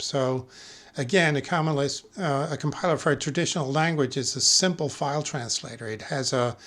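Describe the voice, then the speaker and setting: Guy giving a slow careful tech talk, lots of uhs and restarts, average pitch. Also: fairly bright tone. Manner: measured, with frequent filler pauses and self-corrections. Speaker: conference speaker. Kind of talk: technical lecture.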